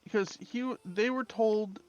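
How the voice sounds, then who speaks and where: A man's voice: sits high, moderate pace, dull audio. A man playing in a tabletop game, chatty and full of fillers and restarts. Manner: chatty, hesitant, lots of fillers. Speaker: player. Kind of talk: casual tabletop play.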